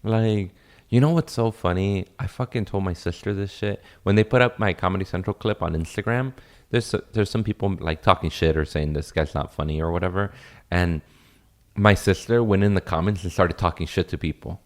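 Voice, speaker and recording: A man's voice: low-pitched, fairly quick. A man from Los Angeles, a comedian guest in a casual podcast chat, laid-back, cursing freely and laughing often.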